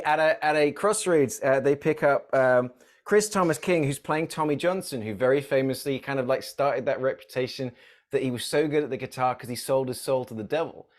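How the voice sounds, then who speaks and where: A man co-hosting a casual film podcast, telling stories with animated energy and frequent laughter. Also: medium pitch. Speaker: podcast co-host.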